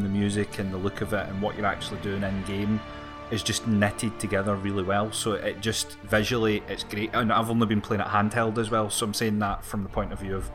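A man chatting enthusiastically on a gaming podcast, laughing at himself now and then. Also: lowish voice. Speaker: podcast co-host. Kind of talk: casual chat.

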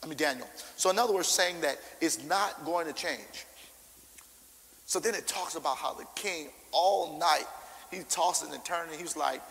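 A man preaching a sermon, informal and animated, acting out scripture and calling out to the congregation. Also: a little high, moderate pace, creaky, in a large hall, rough recording. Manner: animated, acts out scripture with shouted character voices; informal, call-and-response preaching.

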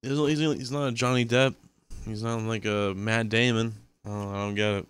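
A man's voice: fairly low pitch, level tone, moderate pace, clean tone. A man co-hosting a casual podcast chat with crude, teasing banter. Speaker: podcast co-host.

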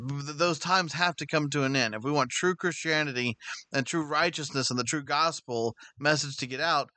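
A man's voice: on the high side, pushed and bright, no echo. A man giving an informal sermon-style Bible study, earnest and conversational, often restarting his sentences. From United States. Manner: earnest and conversational, with frequent restarts and filler words. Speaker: Bible teacher.

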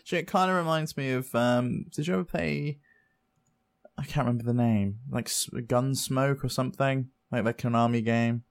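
A man co-hosting a gaming podcast in relaxed casual chat, trailing off mid-thought and laughing along. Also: mid-range voice, moderate pace, creaky. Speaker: podcast co-host.

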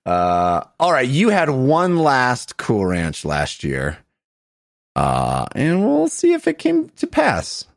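Playful man with lively pitch. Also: creaky. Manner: playful, drawn-out dramatic announcements. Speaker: podcast co-host. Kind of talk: casual chat.

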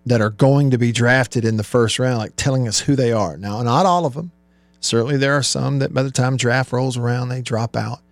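A man's voice: medium pitch, no room sound. A man hosting a sports radio show, chatting easily and laughing often. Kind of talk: casual radio talk. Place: radio studio. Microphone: studio microphone.

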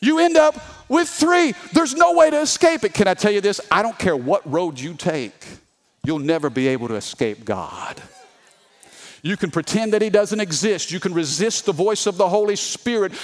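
Animated, lively-voiced male preacher. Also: high-pitched. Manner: animated, humorous, calls for congregation responses; reads scripture aloud with voiced characters. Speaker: pastor. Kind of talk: sermon.

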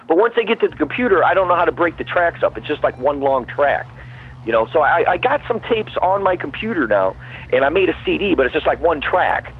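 A guest musician calls in for a casual phone chat, his fairly high voice slightly rough. He rambles and repeats himself, and the phone line sounds tinny.

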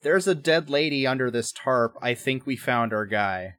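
A man voicing a police commander in a casual retelling, in a quick, excited, higher voice. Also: natural voice. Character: eager adult male police commander.

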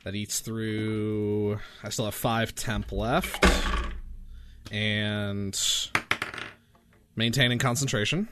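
A man's voice: on the low side, steady tone, extremely slow, long pauses, heavy background noise. A man playing a tabletop game, declaring his character's actions. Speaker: player.

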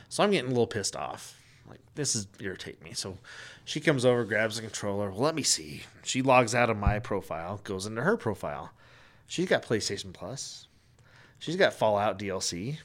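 A man's voice: mid-range voice, big pitch swings, moderate pace. Man, casual podcast co-host; exasperated, profane storyteller. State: sick with flu at the time told, not now.

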